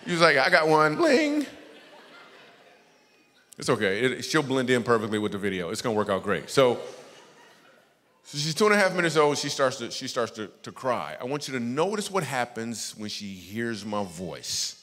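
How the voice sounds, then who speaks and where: A man giving a guest sermon as a comedian, telling stories in an animated, jokey way that turns hushed and earnest. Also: medium pitch, normal speed. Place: large church auditorium. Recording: long reverb from a big hall.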